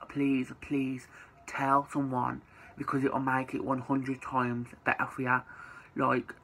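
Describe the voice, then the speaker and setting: Chatty young man, flat delivery. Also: mid-range voice, poor audio. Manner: chatty, lots of "like", swears freely. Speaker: vlogger. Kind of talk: casual storytelling to camera.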